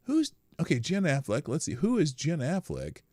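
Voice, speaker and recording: Animated man hosting a live stream. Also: on the high side, normal speed, slightly rough, no room sound. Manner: chatty, greets viewers in chat, wry asides. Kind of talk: casual live-stream chat.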